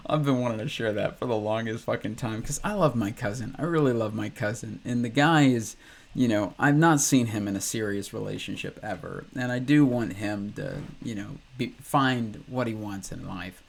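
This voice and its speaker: A man's voice: on the low side, normal speed, creaky. A man hosting a reaction video, ranting casually with frequent swearing, restarts and laughs. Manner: profane, rambling, laughs often. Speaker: ex-Christian reaction host.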